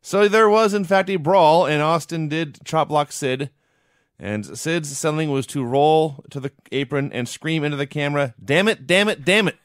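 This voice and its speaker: A man's voice: on the high side, normal speed, smooth, dry recording. A man hosting a podcast, recapping old shows in a dry, wry casual manner. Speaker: podcast host.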